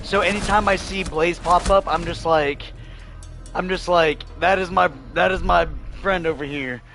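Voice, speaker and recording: Hoarse man chatting on a game stream. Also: high-pitched, normal speed, a bit bright, soft background music. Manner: loose rambling storytelling, laughs often, swears freely. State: losing his voice, hoarse. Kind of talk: casual livestream chat while gaming.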